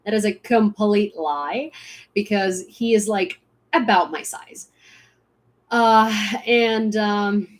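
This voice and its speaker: A woman's voice: mid-range voice, slow pace. A young woman hosting a casual livestream, rambling with many fillers and restarts as she tells a story. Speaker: livestream host.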